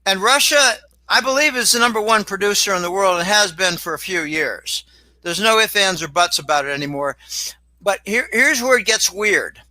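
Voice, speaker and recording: A man talking as a guest in a casual interview, rambling and animated, with sudden exclamations. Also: sits high, normal speed, no echo, low-quality recording. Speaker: guest commentator.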